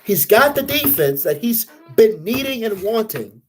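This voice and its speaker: A man's voice: high-pitched, very animated, a little slow, slight background noise, rough recording. A young man hosting a casual sports podcast, venting in a frustrated, profane, rambling way. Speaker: podcast host.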